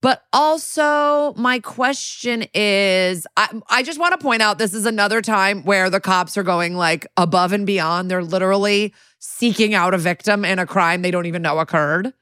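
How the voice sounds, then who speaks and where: A woman's voice: mid-range voice, moderate pace, hardly any pauses, a bit bright, clear, resonant tone, dry recording, studio quality. A woman co-hosting a podcast, adding wry, chatty commentary in casual conversation. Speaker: podcast co-host. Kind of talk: casual chat.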